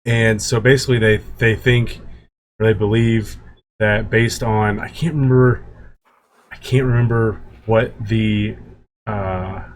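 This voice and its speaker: Male co-host: low-pitched, rambling, faint noise behind. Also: fairly even intonation, unhurried. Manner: rambling, restarts and searches for words. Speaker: podcast co-host. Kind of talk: casual chat.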